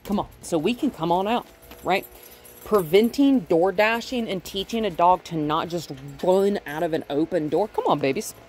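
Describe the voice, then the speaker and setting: A woman with a fairly low, husky voice and a darkish tone speaks at normal speed in an animated way. She's a dog trainer walking through a casual, step-by-step demonstration at home and in the yard with her dogs. Chatty throughout, she keeps checking in with "right?".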